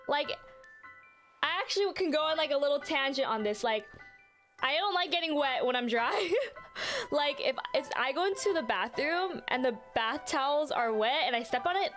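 High-voiced woman streamer, animated storyteller. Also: moderate pace, soft background music. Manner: animated storytelling, lots of fillers, swears casually. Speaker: game streamer. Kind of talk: casual chat while playing a game live.

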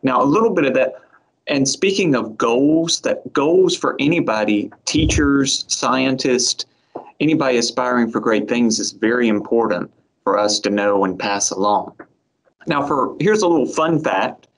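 A man interviewing a guest, asking questions in a measured, encouraging way. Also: medium pitch, expressive, slight background noise, poor audio.

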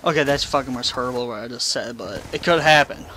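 A young man, a gaming channel host, rambles and swears through gameplay commentary in a room at home, poking fun at himself along the way. His medium-pitched voice comes fast, bright and forceful through a face cam desk mic that picks up a faint hiss or hum.

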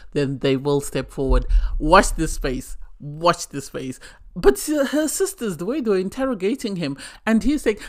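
A woman giving a casual, chatty review of a reality TV episode, opinionated and fond of repeating phrases for emphasis. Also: deep voice.

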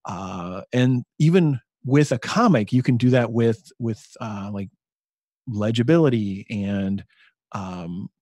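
A man's voice: medium pitch, slow, darkish tone, no room sound. A man co-hosting a podcast in casual chat, thinking aloud and getting enthusiastic about ideas. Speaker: podcast co-host.

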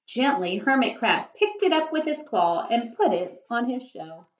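A woman's voice: on the high side, very animated, a little slow, few pauses. A woman teacher reading a picture book aloud expressively, now and then asking her listeners questions. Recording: echoey room, dull lo-fi.

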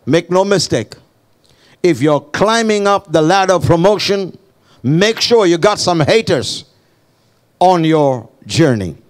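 A man preaching a sermon as pastor to his church, building to shouted, impassioned calls and call-and-response with the congregation. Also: high-pitched, lively intonation, a little slow.

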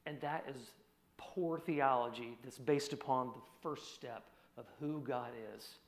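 A man preaching a personal testimony sermon in an earnest voice, dropping to a hushed tone at heavy moments. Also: medium pitch, measured pace. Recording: echoey hall.

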